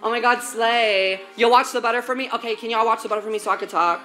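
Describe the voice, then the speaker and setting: A woman's voice: on the high side, quick pace, fairly bright tone. A woman live-streaming as she cooks, chatting casually and sassily with viewers, swearing a lot and calling them baby and girl. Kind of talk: casual live-stream chat while cooking. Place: home kitchen. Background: faint music.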